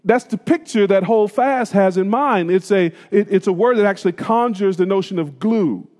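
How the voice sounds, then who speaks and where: A man's voice: high voice, moderate pace, a little mellow. A man preaching a sermon, talking straight to his congregation in colloquial phrasing and asking them questions. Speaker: pastor. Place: church sanctuary. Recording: long reverb of a church hall.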